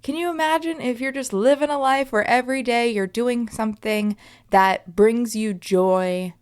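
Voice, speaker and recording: This podcast host is a woman in her thirties with a fairly high voice and a normal speaking speed. Alone at the mic, she muses emphatically and conversationally, often pausing to check on her audience.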